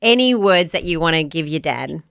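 A woman's voice: sits low, animated, normal speed, creaky, fairly bright tone, smooth, no echo, studio quality. A woman hosting a Christian radio breakfast show, gushing and effusive, laughing easily as she chats. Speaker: radio host.

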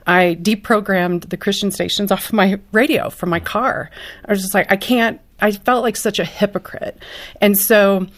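A woman as an interview guest, a mother of a child with special needs, answering in an earnest, emotional and open way. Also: on the low side.

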